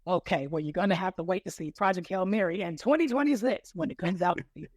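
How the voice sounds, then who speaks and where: A man hosting a podcast, pitching movie plots in a playful, teasing way and reading summaries out slowly. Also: no echo. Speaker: podcast host. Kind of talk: casual podcast chat, mock pitch role-play.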